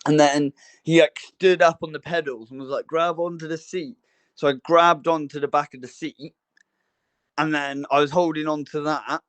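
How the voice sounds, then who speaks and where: Rambling young man, higher voice. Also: little pitch movement, moderate pace, clean tone. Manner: rambling storyteller, many fillers and restarts. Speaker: podcast co-host. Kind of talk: casual chat.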